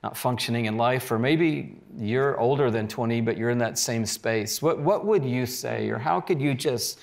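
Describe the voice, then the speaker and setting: A man's voice: mid-range voice, normal speed, vocal fry. A man hosting a faith talk show, asking a guest an encouraging question. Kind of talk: interview question.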